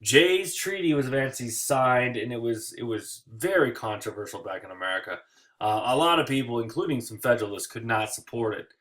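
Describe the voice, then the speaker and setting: A man's voice: mid-range voice, fairly quick, fairly bright tone. A man teaching history in a casual recorded lecture, joking often and talking loosely with many fillers.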